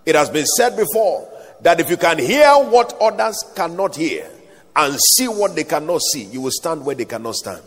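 A man preaches in a high, husky voice that swings widely in pitch. He stretches his stresses into a sing-song cadence and calls the crowd to answer amen. His words ring out with a long hall reverb. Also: big pitch swings. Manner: calls for amens, sing-song emphatic delivery, slow drawn-out stresses. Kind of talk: sermon.

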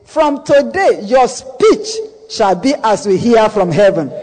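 A man preaching in a very high voice with a lively, swooping melody. He speaks slowly and deliberately, repeating key phrases for emphasis and declaring blessings over his listeners. A long church-hall reverb trails his words. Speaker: pastor. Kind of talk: sermon.

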